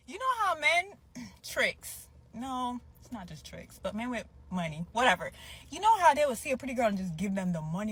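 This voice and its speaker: A woman in a casual confessional video, gushing in an animated, playful way with long drawn-out exclamations. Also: on the high side, slightly rough. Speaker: woman in a reacted-to clip.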